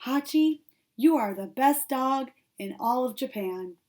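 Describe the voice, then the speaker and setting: A woman voicing a kind, patient older male professor in a storybook reading, giving his puppy gentle but firm commands and cooing praise. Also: sits high, lively intonation, measured pace.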